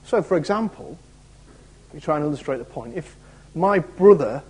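A man's voice: fairly high pitch, lively intonation, normal speed, a little mellow, husky, low-quality recording. A man, an assistant pastor preaching conversationally with rhetorical questions. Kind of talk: sermon.

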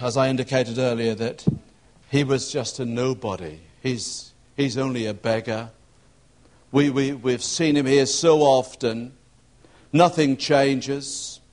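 A man preaching a sermon, telling a story and acting out the voices in it. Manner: storytelling preacher, acting out shouts and quotes with rising pitch.

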